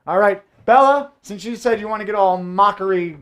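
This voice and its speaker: A man's voice: sits high, normal speed, fairly bright tone. A man performing fire tricks from home for a live stream, joking and hyping up the audience. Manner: playful, joking, hyped-up showman. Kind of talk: live-streamed show banter. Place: home room indoors.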